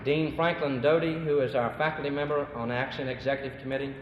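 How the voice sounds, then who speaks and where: A man's voice: medium pitch, fairly even intonation, a loud crowd. A young man serving as student body president, formally introducing committee members and guests at a symposium. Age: young adult. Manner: formal, ceremonious, brisk. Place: large hall at a symposium. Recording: echoey hall on a dull, noisy old recording.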